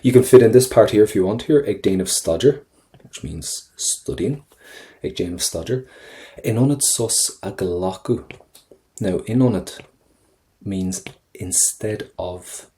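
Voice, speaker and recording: A man teaching an exam-prep lesson over a screen recording, chatty and encouraging, repeating phrases slowly for learners. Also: fairly low pitch, animated, dark tone, slight background noise. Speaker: Irish language tutor.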